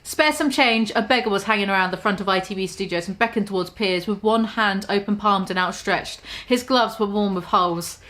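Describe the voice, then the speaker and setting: A woman reads her own comic story aloud at a middle pitch, in an easy, casual delivery. She trips over words now and then and mocks her own writing as she goes. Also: a little fast, few pauses, fairly bright tone. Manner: stumbling, self-deprecating, laughs at her own writing.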